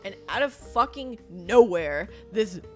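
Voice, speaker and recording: An animated woman co-hosting a podcast, telling a story in easy, swearing casual chat. Her voice sits at a middle pitch. Faint music plays behind her. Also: slow pace. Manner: animated, acts out drunk voices, swears freely. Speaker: podcast co-host.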